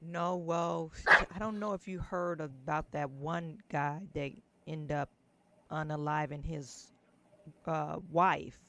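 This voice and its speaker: A man co-hosting a casual live-stream chat, telling a story in a laid-back, rambling way, recorded on a quiet mic with the gain too low. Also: fairly even intonation, takes it slowly.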